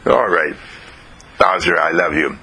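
A man voicing a blunt, sulky little girl in a storytelling broadcast, with a high squeaky put-on voice. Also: big pitch swings, slow, vocal fry, bright, forceful tone, breathy edge, full character voice.

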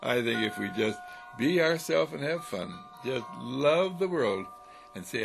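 Male inspirational preacher, gravelly fry, chuckling and repetitive, with soft music underneath. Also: medium pitch, expressive, measured pace. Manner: repetitive, chuckling, sing-song cadence. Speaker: spiritual speaker. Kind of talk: inspirational sermon. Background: faint music.

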